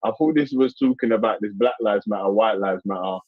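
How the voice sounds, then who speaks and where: A man's voice: fairly low pitch, fairly quick, dry recording, phone-quality sound. A man from England on a call, pushing back in a confrontational tone.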